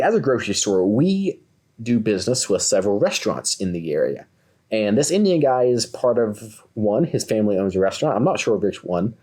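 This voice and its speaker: A man in his twenties, co-host of a podcast, telling a story in a casual way and acting out the voices of the people in it. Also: on the low side. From Kentucky, USA. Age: 20s. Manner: animated, acts out quoted voices.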